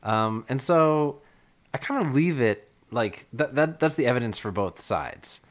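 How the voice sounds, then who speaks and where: A man's voice: mid-range voice, animated, measured pace. A man co-hosting a casual podcast chat, explaining what he has looked up, with frequent ums and easy laughter. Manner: explanatory, laughs often, hesitant fillers. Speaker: podcast co-host presenting research.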